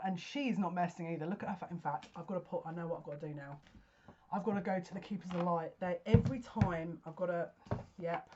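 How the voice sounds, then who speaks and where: A woman giving a casual tarot card reading, excitable and often gasping and breathless. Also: lowish voice, dull audio, heavy background noise.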